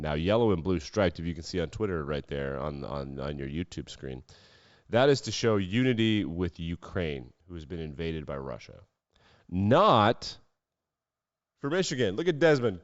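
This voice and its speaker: A man's voice: rumbling low, no room sound. A man hosting a sports podcast, giving casual commentary full of wry, sarcastic asides. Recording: dull lo-fi dry sound.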